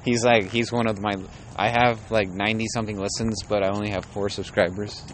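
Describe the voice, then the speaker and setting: A man's voice: lowish voice, level tone, brisk, a little hiss or hum. A young man hosting a podcast, chatting casually and joking, swearing freely. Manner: laid-back, joking, swears a lot. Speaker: podcast host. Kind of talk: casual chat. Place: outdoors on a city street.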